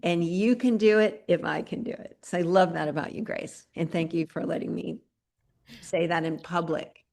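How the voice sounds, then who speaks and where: A woman's voice: lowish voice, fairly even intonation, normal speed, creaky, darkish tone. A woman hosting an online community gathering, talking earnestly and rambling with many fillers over a video call. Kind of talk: warm spoken tribute on a group video call.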